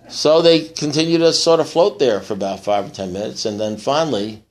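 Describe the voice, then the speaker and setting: A man speaking at a recovery meeting, telling a long joke and acting out the characters in a rising, excited voice. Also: medium pitch, a little fast, few pauses, a little hiss or hum. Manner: animated storyteller, acts out characters in rising voice.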